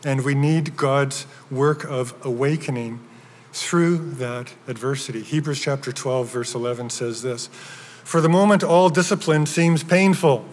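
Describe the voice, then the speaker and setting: A man's voice: mid-range voice, unhurried. A man preaching a sermon as pastor, earnest, with frequent restarts and building emphasis. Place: church sanctuary. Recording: long hall reverb.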